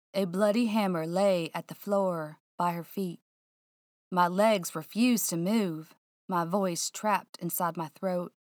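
A woman narrating a first-person mystery audiobook in a hushed, suspenseful, drawling way. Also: on the low side, no echo, studio quality.

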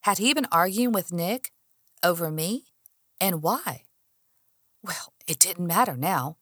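A woman narrating a first-person audiobook, her voice sitting a little low for a woman. She is expressive and acts out her own heated lines with feeling, recorded close and dry with no room sound. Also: takes it slowly, pauses often, no room sound.

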